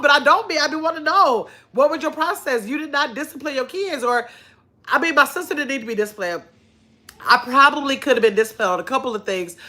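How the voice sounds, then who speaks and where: A woman's voice: fairly high pitch, bright, forceful tone. A middle-aged woman hosting a casual livestream chat, telling stories and reading viewer comments aloud with frequent laughter. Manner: chatty storyteller, reads viewer comments aloud, laughs often. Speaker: channel host.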